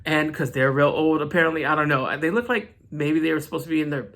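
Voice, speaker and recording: A man hosting a comic book channel, recapping an issue in casual, animated storytelling with side rants. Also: a little high, quick pace.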